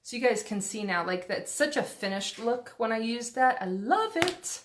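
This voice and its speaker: A woman rambles through a casual makeup tutorial at home, self-deprecating and heavy on fillers, recorded on a phone camera. Her voice is slightly high, at a normal pace.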